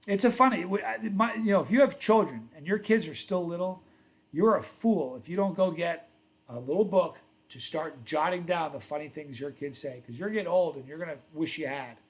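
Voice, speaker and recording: A man's voice: a little high, fairly quick. A middle-aged man hosting a casual livestream, telling rambling stories and reading viewer comments aloud. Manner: storytelling, self-correcting. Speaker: livestream host.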